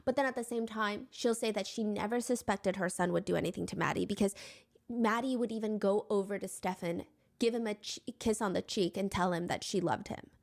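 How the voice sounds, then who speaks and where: A woman narrating a true crime story in a measured way, reading out quotes from the people involved. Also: medium pitch, vocal fry.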